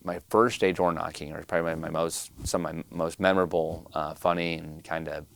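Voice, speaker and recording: A man's voice: low-pitched, fairly even intonation, a little fast, creaky. A young man in his twenties from Iowa, a state politician telling campaign stories in a rambling interview with many fillers. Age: 20s. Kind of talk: casual interview storytelling.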